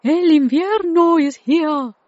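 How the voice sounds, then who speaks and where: A woman voicing Jacob, an excited playful friend in a children's storybook. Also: high-pitched, takes it slowly, husky, dry recording, pitched above the performer's own voice, full character voice. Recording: dull lo-fi dry recording.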